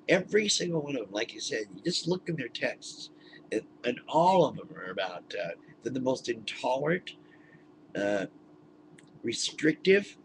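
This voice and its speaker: A man ranting into a webcam, indignant and animated, laughing often between points. His mid-pitched voice swings widely up and down, with a faint hiss behind it. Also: rough recording. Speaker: vlogger. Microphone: webcam mic.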